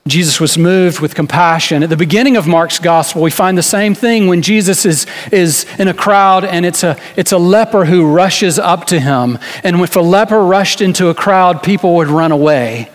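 A man's voice: high-pitched, moderate pace, few pauses, in a large hall. A man preaching a sermon in an earnest way, asking rhetorical questions and restarting small phrases as he goes. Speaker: pastor.

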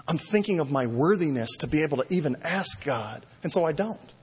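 A man preaches a sermon to his congregation, retelling stories at an uneven pace and acting out the cries for help. His voice is a little husky. It carries a long reverb from a large church hall. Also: on the high side, lively intonation, fairly quick, few pauses. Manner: storytelling preacher, varies pace, acts out cries. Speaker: pastor.

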